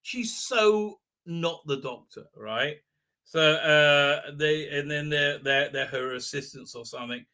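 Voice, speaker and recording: A man riffs sarcastically through a live episode commentary. His voice is very bright and cutting, sitting slightly high, and he keeps restarting with "uh, uh" before acting out lines in mocking voices. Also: measured pace, few pauses. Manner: sarcastic, mocking, acts out quotes in exaggerated voices; many fillers and restarts. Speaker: host.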